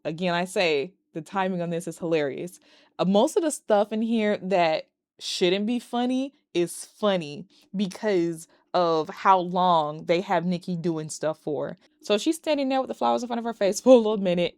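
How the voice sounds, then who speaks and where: A woman recapping a horror movie in a casual, animated and profane way, breaking into laughs. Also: fairly low pitch, dry recording, studio quality. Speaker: movie reviewer.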